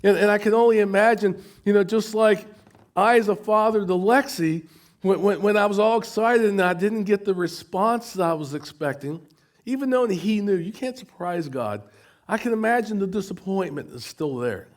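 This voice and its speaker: A man's voice: high voice, moderate pace. A middle-aged man preaching a sermon as pastor, conversational, often repeating words as he restarts.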